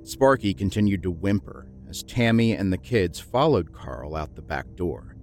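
A man narrating a horror story in a measured, grim storytelling manner. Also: low voice, expressive, a little mellow, faint music behind.

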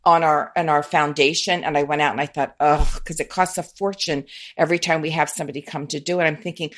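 Chatty woman with a lowish voice. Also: fairly even intonation, fast. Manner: chatty, laughs often, trails off and restarts. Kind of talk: casual chat.

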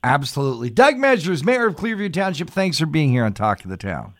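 A man's voice: a little high, very animated, a little fast, fairly bright tone, a little hiss or hum. A man hosting a morning radio talk show, upbeat and friendly with his guest.

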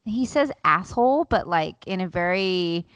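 A woman's voice: fairly low pitch, lively intonation, a little slow, a bit bright, dry recording. A woman co-hosting a podcast, telling candid stories about her kids in casual chat. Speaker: podcast co-host.

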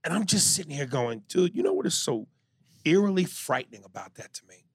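A man co-hosting a podcast, in casual chat, recounting scenes with animated delivery. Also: a little high, brisk, husky, no room sound. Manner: animated storyteller who acts out quotes. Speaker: podcast co-host.

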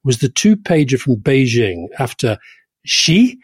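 A man's voice: mid-range voice, sing-song, unhurried, slight background noise. A man co-hosting a political podcast, chatting in a wry way and often repeating his words. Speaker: podcast co-host. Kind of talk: casual political discussion.

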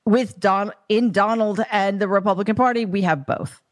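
A woman's voice: mid-range voice, steady tone, moderate pace. A woman hosting a political discussion, talking bluntly and frankly. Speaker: podcast host.

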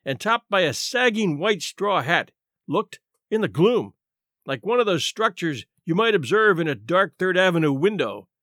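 A man narrating a story aloud in an expressive, theatrical manner. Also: high voice, no echo, clean studio sound.

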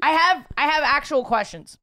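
A woman's voice: sits high, expressive, moderate pace, pushed and bright, dry recording, clean studio sound. A woman hosting a podcast, curious and playful, asking questions in loose, casual chat. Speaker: podcast host.

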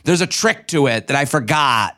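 A man co-hosting a podcast in casual chat, animated and swearing as he acts out quotes from a reality show. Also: mid-range voice, moderate pace. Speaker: podcast co-host.

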